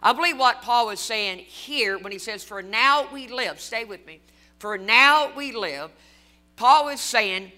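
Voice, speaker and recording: A man's voice: very high voice, lively intonation, a little slow, pushed and bright. A man preaching a fervent sermon, repeating lines and adding folksy asides.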